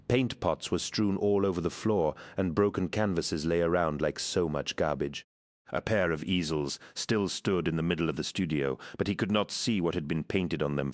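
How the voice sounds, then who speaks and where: Deep-voiced male audiobook narrator.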